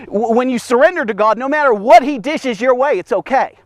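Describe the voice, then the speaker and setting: A man preaching an energetic daily devotion, emphatic and repetitive, often asking "okay?" and coming back to "here's the thing.". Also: extremely high pitch, fairly quick, dry recording.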